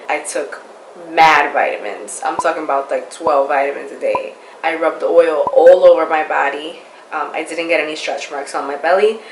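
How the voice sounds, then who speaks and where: A woman's voice: low-pitched, fairly bright tone. A young woman vlogger chatting candidly and casually, with slangy, chatty talk. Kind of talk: casual chat. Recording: echoey room, faint background noise.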